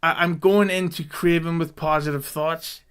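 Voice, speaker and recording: Wry man with a smooth voice. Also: a little high, steady tone, moderate pace, fairly bright tone. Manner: wry, dry critical commentary. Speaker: podcast co-host. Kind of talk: casual chat.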